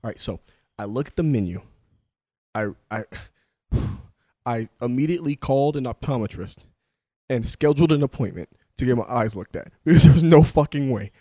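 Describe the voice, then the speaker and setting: A young man co-hosting a comedy podcast, telling loud, animated stories with lots of swearing and laughter. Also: mid-range voice, moderate pace, dry recording, clean studio sound. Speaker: podcast co-host. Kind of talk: casual comedic banter.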